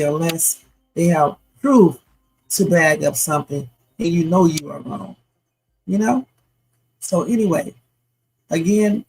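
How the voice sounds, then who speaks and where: A woman's voice: low voice, creaky, a little mellow, slightly rough, poor audio. A woman hosting a late-night livestream, tired and playful, chatting loosely and joking around as she signs off. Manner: playful, silly, loose and rambling. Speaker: livestream host. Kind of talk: casual livestream sign-off chat.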